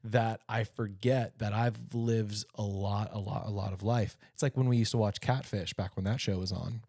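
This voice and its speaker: A man in his thirties co-hosting a casual podcast chat, animated and jokey, rambling through stories. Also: fairly low pitch, normal speed, no echo, clean studio sound. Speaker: podcast co-host.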